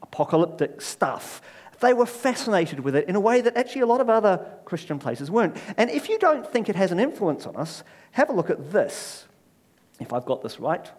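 Middle-aged New man, preacher; lively sermon delivery, voice slightly on the high side, wry asides. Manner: animated storyteller with wry self-deprecating asides.

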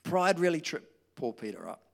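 A man preaching a conversational sermon, lively and informal, slipping into quoted voices. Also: a little high, normal speed, gravelly. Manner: conversational, animated, with restarts and acted quotes.

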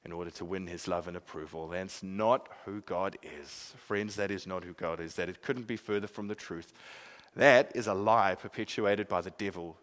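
Earnest male preacher, lowish voice. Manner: earnest, rises to emphatic peaks then drops soft. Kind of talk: sermon.

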